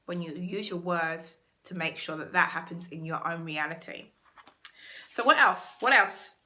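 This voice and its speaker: Bright-voiced earnest British woman. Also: fairly low pitch, unhurried. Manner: earnest, emphatic, repeats key words. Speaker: self-help channel host. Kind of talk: motivational talk to camera.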